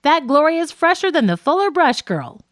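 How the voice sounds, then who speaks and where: A fussy, vain man who gets flustered fast, as a woman narrator reads him. The voice leaps around in pitch with lively swings. The sound is dry and close to the mic. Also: dry recording. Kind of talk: audiobook reading of a radio sketch.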